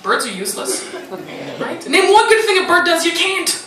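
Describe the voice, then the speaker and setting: A woman performing a stand-up comedy set on a club stage, animated and teasing. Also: very high voice, moderate pace. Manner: animated, teasing, playful put-on voices. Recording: roomy live club recording from a distance, loud noise.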